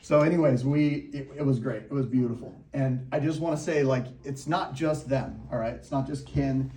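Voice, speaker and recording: A man, a real estate coach, telling a story to a live audience with laughs and lively asides. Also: medium pitch, normal speed, echoey room, distant mic. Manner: animated, laughing, talks to the crowd.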